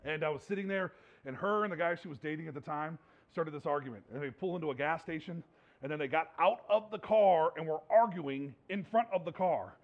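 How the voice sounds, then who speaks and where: High-voiced male pastor, joking sermon. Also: fairly quick. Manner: conversational, humorous, laughs often. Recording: dull lo-fi recording.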